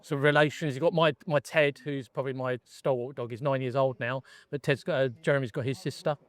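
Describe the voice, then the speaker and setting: A man's voice: medium pitch, fairly even intonation, brisk, no room sound. A middle-aged man, a gun dog trainer from England, chatting casually as a podcast guest and telling his story with many restarts.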